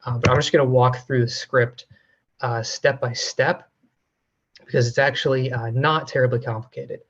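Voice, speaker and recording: A man walks through a technical demo from home over a video call, easygoing and full of fillers. His voice stays fairly flat in pitch. The call audio is dull and lo-fi. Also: moderate pace. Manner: relaxed, many fillers. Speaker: financial analyst presenting a coding demo. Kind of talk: casual technical walkthrough.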